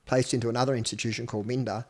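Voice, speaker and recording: A man's voice: medium pitch, level tone, rapid-fire. A man in his fifties with an Australian accent, a podcast guest telling his own story bluntly, swearing freely. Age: 50s. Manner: blunt, swears freely, acts out quoted speech. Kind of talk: personal storytelling interview.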